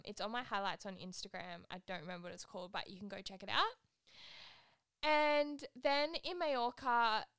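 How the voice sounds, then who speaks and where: A woman's voice: on the high side, a bit bright, clear, resonant tone, no echo. A young woman hosting a solo podcast. She chats and rambles casually, saying "like" constantly. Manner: chatty, rambling, heavy use of "like". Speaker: podcast host.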